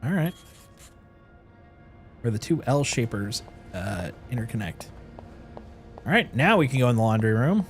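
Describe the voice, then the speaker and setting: A man's voice: medium pitch, normal speed, long pauses, faint music behind. A man streaming a game, chatting casually as he plays and reading in-game notes aloud. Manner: animated, thinks aloud and reads game notes aloud. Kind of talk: casual gameplay commentary.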